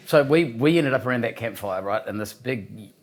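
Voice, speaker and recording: A man's voice: medium pitch, expressive, normal speed. A man with a New Zealand accent tells a rambling story in a podcast studio. He sounds cheeky and loose. His voice sits in a middle range. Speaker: podcast co-host. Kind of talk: casual storytelling.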